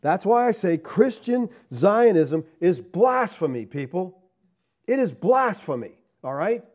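Male pastor, sermon, animated preaching, rhetorical questions, lively rising pitch, mellow tone. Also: measured pace. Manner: swings between loud emphatic lines and low asides.

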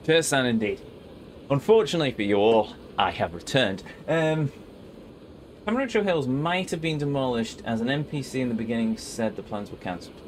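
A man's voice: medium pitch, big pitch swings, a little fast, slight background noise. A man giving let's play commentary as a gaming host, with dry self-mocking asides. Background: game music.

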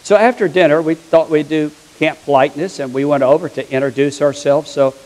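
A man's voice: on the high side, fairly even intonation, fairly quick, a little mellow, low-quality recording. A man preaching a sermon as a pastor, telling stories in a chatty, humorous way. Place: church sanctuary.

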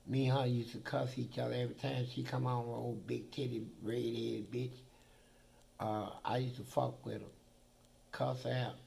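A man's voice: medium pitch, level tone, moderate pace, gravelly, a little mellow. A man being interviewed who tells blunt, profane stories about prison life in a vivid, swearing manner. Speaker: interview guest.

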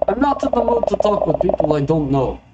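A man's voice: high-pitched, very animated, a little fast, highs cut off. A man voicing a rude, impatient male late-shift worker with a put-on Russian accent, curt and dismissive, on a noisy home mic. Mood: irritated.

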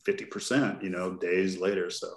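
A laid-back podcast host from Texas with a lowish voice, rambling through stories with a grin and plenty of "you know"s. The recording has a noticeable roomy echo, and his talk stays loose and conversational. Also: steady tone, moderate pace. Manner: laid-back, jokey storyteller with lots of fillers. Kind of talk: casual podcast chat. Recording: roomy echoey sound.

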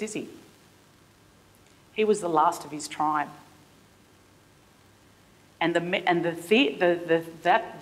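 Woman, Australian accent, middle-aged, keynote talk, impassioned, halting restarts, lowish voice. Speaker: keynote speaker. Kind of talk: conference keynote address. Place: theatre forum stage.

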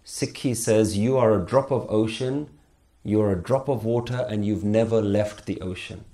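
A man's voice: fairly low pitch, normal speed, dark tone. A man teaching a spiritual workshop on stage. He speaks emphatically and keeps putting rhetorical questions to the audience.

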